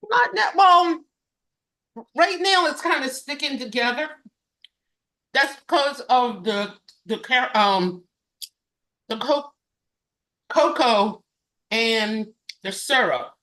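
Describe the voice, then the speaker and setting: A woman guest casually demonstrating a recipe and telling her story, halting and correcting herself often. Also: a little high, expressive, sharp tone. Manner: halting, self-correcting, many fillers.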